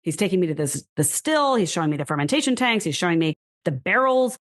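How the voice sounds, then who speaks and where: An American woman who founded a whisky brand is a guest in a casual interview. Her voice is on the low side and she talks fast, telling her story animatedly, laughing often, and saying "like" a lot.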